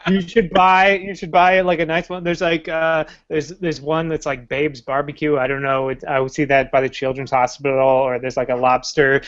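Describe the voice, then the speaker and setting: A man co-hosting a podcast in casual chat, halting and laid-back, often restarting his sentences. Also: on the high side, level tone, fairly bright tone, dull audio. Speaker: podcast co-host.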